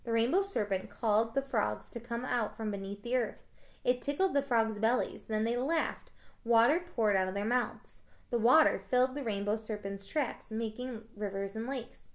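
Woman teacher, casual read-aloud, slightly high. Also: moderate pace. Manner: casual, warm storytelling with small slips. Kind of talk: reading a children's book aloud.

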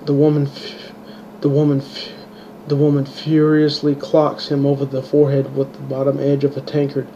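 Monotone man reading his own story. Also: mid-range voice. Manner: halting, restarts words. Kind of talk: amateur audiobook reading. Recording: dull lo-fi home recording with faint hiss.

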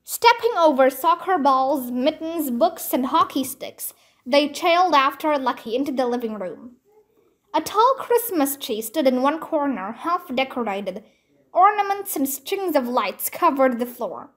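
A woman reading a children's mystery book aloud, slow and careful. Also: sits high, very animated, a bit bright. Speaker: storybook reader.

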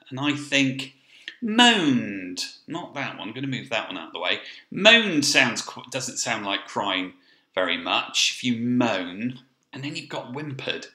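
A male primary school teacher gives a recorded remote reading lesson. He is encouraging, thinks out loud, and checks in with "okay?". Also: medium pitch, roomy sound. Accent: English.

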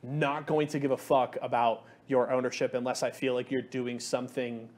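A man's voice: medium pitch, flat delivery, normal speed, a little mellow. A man co-hosting a gaming podcast, talking in a laid-back, frank way with casual swearing. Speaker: podcast co-host. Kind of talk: casual chat.

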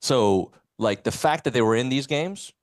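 This sports radio co-host chats about football in an animated, casual way and handles live sponsor reads from the studio. He speaks at a moderate pace with a medium-pitched voice, and the sound is clean studio audio with no room sound.

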